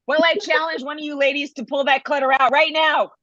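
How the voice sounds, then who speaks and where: A woman's voice: high-pitched, steady tone, brisk, bright, forceful tone, no room sound, muffled recording. A middle-aged woman doing a brash, punchy stand-up comedy bit on a video call. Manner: brash, punchy joke delivery.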